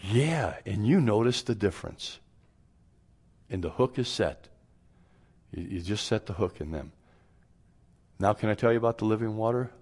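A man's voice: deep voice, darkish tone. A man preaching a radio sermon as pastor, down-to-earth and folksy, sometimes acting out both sides of imagined everyday conversations.

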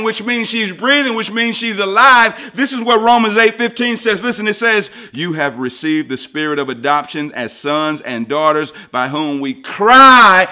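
A man preaching a sermon as pastor, swinging from hushed lines to loud emphatic ones and repeating phrases for emphasis. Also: high-pitched, measured pace.

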